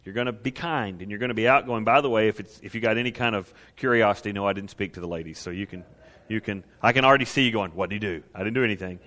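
A male pastor preaching an animated sermon who asks the audience questions and acts out scenes. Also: on the low side, quick pace.

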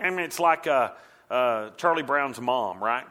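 Guy preaching a sermon, bright ringing voice, acts out mocking voices now and then. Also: mid-range voice, moderate pace. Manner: animated, mimics mocking voices. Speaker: pastor.

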